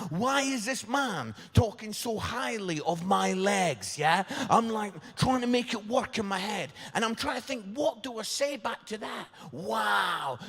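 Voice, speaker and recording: A Scottish man with a high, slightly husky voice tells funny stories to a live church crowd. He keeps checking in with the audience and breaks into sudden shouts. His voice rings out in an echoey hall. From Scotland. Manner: chatty, keeps asking "yeah?" for agreement; animated, jumps into loud shouts. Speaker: guest speaker at a church service. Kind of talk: comic storytelling to a live audience.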